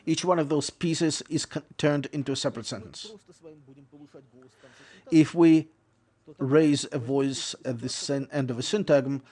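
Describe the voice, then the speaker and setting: Explaining interpreting in English, this male lecturer keeps a measured pace and often stops to correct himself. He speaks with a medium pitch and a slightly mellow quality.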